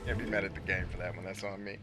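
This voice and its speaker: A man's voice: sits low, racing, music in the background. A man hosting a game stream, talking bluntly and swearing as he plays. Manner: profane, blunt and animated, laughing often. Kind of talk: casual gameplay commentary.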